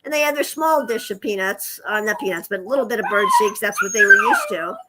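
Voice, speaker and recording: A woman's voice: fairly high pitch, wildly swooping pitch, fast, very noisy. A woman guest on an interview, a hospice nurse and animal rescuer, telling chatty stories with frequent chuckles and asides to her pet parrot. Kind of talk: casual storytelling interview.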